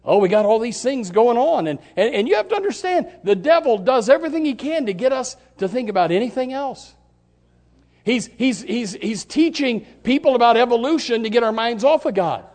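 A man with a very high voice preaches a sermon in a church. He talks conversationally, then swells into impassioned shouts on key words. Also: very animated, brisk. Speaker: pastor.

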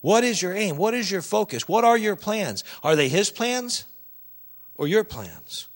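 A man preaching a sermon, emphatic and animated, addressing the congregation directly. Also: high voice, measured pace.

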